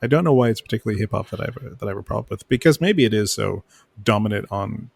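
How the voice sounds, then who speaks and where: A man's voice: fairly low pitch, expressive, racing, vocal fry, darkish tone, husky, no room sound. A man co-hosting a podcast in casual chat who stammers, repeats his words and pokes fun at himself. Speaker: podcast co-host.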